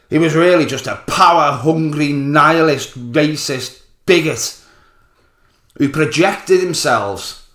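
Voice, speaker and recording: A man's voice: fairly high pitch, fairly bright tone. Male commentator, angry sarcastic monologue, swears freely; roomy recording. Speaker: political commentator. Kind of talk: ranting political monologue. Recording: roomy echo.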